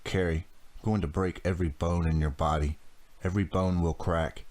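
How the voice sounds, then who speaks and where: A man voicing a threatening phone caller in an audiobook, speaking harshly and flatly like a machine. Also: low voice, normal speed, natural voice.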